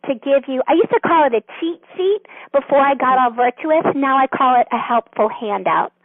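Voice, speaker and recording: Woman guest, high voice, gentle teacherly explainer, tinny dry phone line. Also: animated, normal speed, dry recording. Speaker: author and guest. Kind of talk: interview explaining a counseling method.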